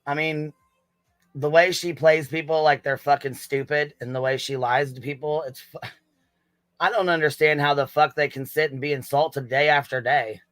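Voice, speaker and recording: A man's voice: on the high side, fairly even intonation, moderate pace, a bit bright, dry recording. A man hosting a casual livestream, swearing freely, giggling and thanking chat members. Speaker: livestream host.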